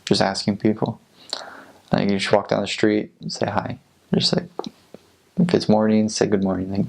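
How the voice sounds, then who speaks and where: A young American man, a returned missionary, talking casually in an interview in a relaxed, rambling way with lots of filler words. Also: on the low side, vocal fry. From United States.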